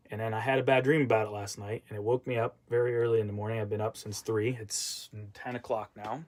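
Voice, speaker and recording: A man's voice: on the low side, level tone, quick pace, few pauses. A man talking casually in a vlog, rambling and venting about a former boss with many fillers and asides. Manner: frequent fillers and trailing asides. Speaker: vlogger and musician.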